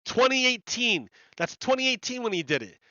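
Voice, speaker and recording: Heated male streamer, high bright voice, dry lo-fi mic; rambling, repetitive rant. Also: sing-song, moderate pace, no echo. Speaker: video game streamer commenting on news. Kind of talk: casual rambling commentary.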